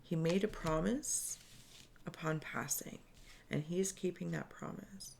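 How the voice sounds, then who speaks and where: A woman giving a spiritual reading, speaking softly and earnestly in halting, searching phrases that she often restarts. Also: lowish voice, creaky, slight background noise. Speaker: spiritual reader. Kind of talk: improvised intuitive reading to camera.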